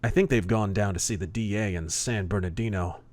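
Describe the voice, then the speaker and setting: A man narrating a hard-boiled pulp story in the first person, gruff and deadpan. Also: lowish voice, a little fast. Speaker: audiobook narrator.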